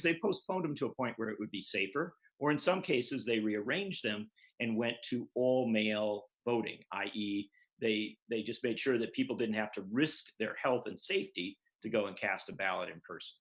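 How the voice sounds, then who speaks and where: A man's voice: medium pitch, fairly bright tone, poor audio. A man, a political journalist, explaining at length and earnestly as a guest in an interview over a video call.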